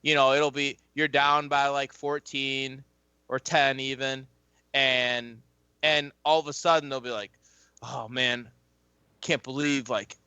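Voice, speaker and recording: A man and former football player chatting casually as a podcast guest, rambling and swearing freely as he tells animated stories. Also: medium pitch, unhurried, clear, resonant tone, no echo, highs cut off. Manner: rambling, profane, animated storytelling. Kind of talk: casual chat.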